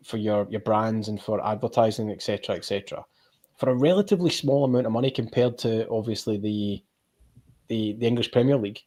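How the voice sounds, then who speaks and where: A man's voice: mid-range voice, mellow. A man with a sore throat chatting on a football podcast in a rambling, jokey way. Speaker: podcast panelist. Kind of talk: casual football podcast chat.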